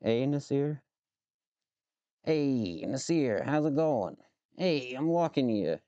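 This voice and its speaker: Mellow-voiced man streaming, swearing while working. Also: mid-range voice, sing-song, slow pace, no room sound, lo-fi sound. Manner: mutters to himself, swears freely, jokes with chat. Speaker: live streamer. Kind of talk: casual live-stream chat while working.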